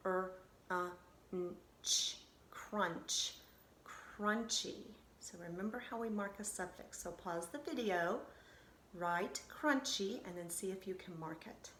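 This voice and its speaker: A woman's voice: medium pitch, fairly bright tone, echoey room, a little hiss or hum. A woman teacher giving a recorded phonics lesson to children, patiently sounding out syllables and reassuring them.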